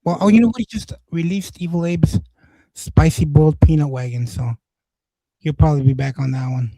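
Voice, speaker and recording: A man's voice: on the high side, brisk, mellow, no room sound. A man hosting a livestream, chatting loosely and swearing, laughing through his stories. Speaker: livestream host. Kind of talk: casual stream chat.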